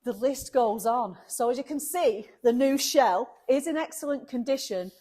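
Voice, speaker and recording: A woman's voice: a little high, moderate pace, warm tone. A woman vlogging a car restoration, chatting emotionally and laughing often. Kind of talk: casual chat to camera.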